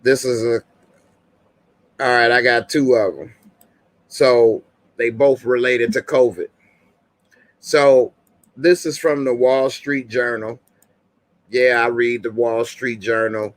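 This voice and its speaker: Middle-aged male host, casual and chatty, mid-pitched voice, dry close recording. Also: steady tone, takes it slowly, pauses often, no room sound. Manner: laid-back, chatty, laughs often, talks to viewers. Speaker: show host. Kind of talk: casual live-stream commentary.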